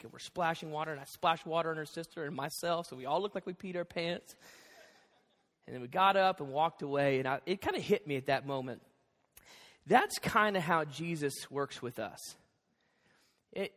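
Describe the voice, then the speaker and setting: A man preaching a sermon as pastor, animated and jokey, acting out the lines of the people in his stories. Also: sits high, moderate pace. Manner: animated, jokey, acts out quotes. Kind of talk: sermon with storytelling. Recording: reverberant hall.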